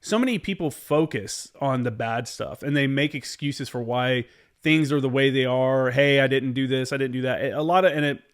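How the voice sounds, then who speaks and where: A man's voice: medium pitch, normal speed. A man hosting a podcast, a veteran who talks bluntly and rambles, with frequent swearing. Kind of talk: casual conversation.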